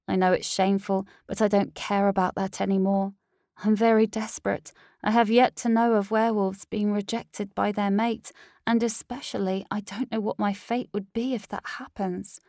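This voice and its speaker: A woman's voice: medium pitch, little pitch movement, normal speed, vocal fry, darkish tone, no echo, studio quality. A woman narrating a first-person audiobook in an earnest, dramatic reading.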